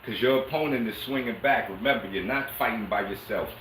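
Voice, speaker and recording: A man's voice: lowish voice, brisk, a bit bright, a little hiss or hum. A man teaching a martial arts lesson on a livestream, talking casually and streetwise and coaxing viewers. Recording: echoey room, mic at a distance.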